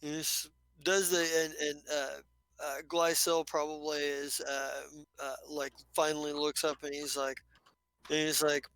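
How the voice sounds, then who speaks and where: Bright-voiced rambling game master man. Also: on the high side, flat delivery, clear, resonant tone, low-quality recording. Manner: rambling, halting narration full of fillers. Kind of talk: narrating a tabletop game.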